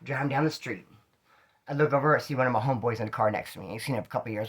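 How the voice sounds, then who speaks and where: A man's voice: medium pitch, rapid-fire, breathy edge. Man telling street stories in slang. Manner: street slang, animated, acts out dialogue. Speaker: storyteller recounting street life. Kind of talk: casual storytelling monologue.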